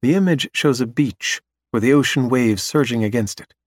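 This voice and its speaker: This male audiobook narrator reads scripted material steadily at a moderate pace in a mid-range voice. The studio-quality recording carries no room sound.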